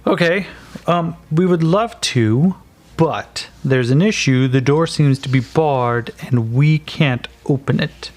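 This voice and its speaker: A man's voice: a little high, takes it slowly. A man voicing an earnest, idealistic young male lord who speaks with some hesitation, in a tabletop game. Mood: polite.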